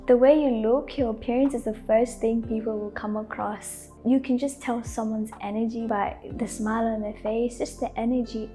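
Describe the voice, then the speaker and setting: A young woman giving gentle, casual lifestyle advice to camera, laughing often and saying "like" a lot. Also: on the high side. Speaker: lifestyle vlogger. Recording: faint background music.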